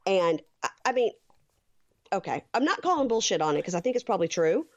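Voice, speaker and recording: A woman's voice: mid-range voice, very animated, brisk. A woman co-hosting a podcast, chatting casually and recapping a show with frank, profane remarks. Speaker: podcast co-host. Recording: slightly dull lo-fi sound.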